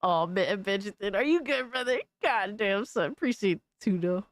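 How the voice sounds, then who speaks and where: A woman's voice: medium pitch, expressive, moderate pace, no echo. A woman hosting a gaming news live stream, chatting casually with viewers in a loose, profane way and laughing often. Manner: loose and profane, laughing often, calling people brother and dog.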